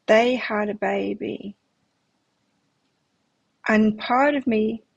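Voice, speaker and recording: A woman's voice: medium pitch, creaky, slightly rough, no echo. A middle-aged woman giving a live tarot reading, talking candidly and reflectively and sharing personal stories. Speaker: tarot reader.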